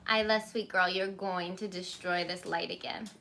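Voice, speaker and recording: A woman in her thirties hosts a live baking stream on her phone from a small home kitchen, chatting casually, greeting viewers by name, and pausing to tell her kids what to do. Her fairly low voice holds a steady tone at normal speed over a noisy background.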